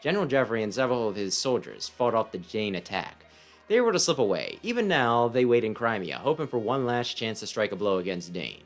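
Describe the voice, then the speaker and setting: A man's voice: lowish voice, very animated, brisk, faint music behind. A man hamming up a pompous devoted knight. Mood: grand. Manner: overblown, theatrical declarations. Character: pompous, loyal, dramatic male knight.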